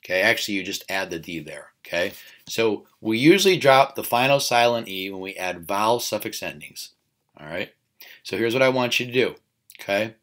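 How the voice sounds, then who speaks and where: Male teacher, lowish voice, recorded spelling lesson, repeats words, frequent "okay?" check-ins. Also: expressive, normal speed, fairly bright tone.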